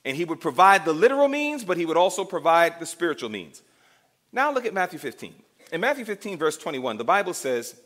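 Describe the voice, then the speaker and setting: A man's voice: a little high, sing-song, brisk, a bit bright. A man preaching a sermon, dramatic, asking the congregation questions and acting out the scenes he describes.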